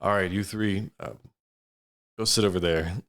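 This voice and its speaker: Man playing a gruff hobgoblin guard, terse orders, low voice, fantasy game. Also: fairly even intonation, moderate pace, fairly bright tone. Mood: curt. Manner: terse commands. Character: gruff male hobgoblin guard, curt and businesslike.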